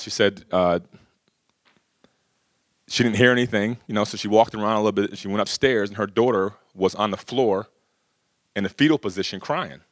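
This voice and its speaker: At a workshop, a middle-aged man tells casual stories to the audience, sprinkling in lots of "you know" and "right?" His voice sits on the lower side with a slight brightness, and the studio-quality recording has no echo.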